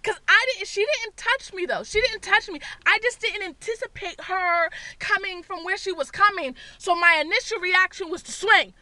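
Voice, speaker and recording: A woman vlogger telling a story from her car, loud and full of swearing, acting out her own screams. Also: very high-pitched, fairly quick, dry recording. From Boston area, USA. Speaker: beauty vlogger. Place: parked car.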